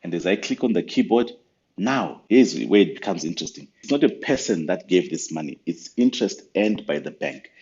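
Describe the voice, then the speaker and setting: A man patiently walking through church finance software step by step, with frequent fillers, in a screen-recorded tutorial. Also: low-pitched, animated, brisk, highs cut off.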